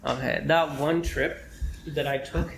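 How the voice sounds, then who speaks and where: A young man with a slightly higher voice talks loosely in casual chat, rambling through fillers and often clearing his throat. The room around him is echoey, with faint noise underneath. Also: steady tone, a little slow. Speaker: medical student podcast co-host.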